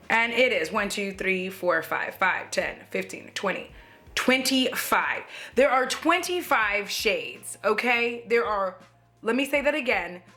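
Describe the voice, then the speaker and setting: A woman's voice: fairly high pitch, sharp tone. An American woman chatting casually to camera as a beauty vlogger, joking and swearing freely as she reviews makeup. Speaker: beauty YouTuber.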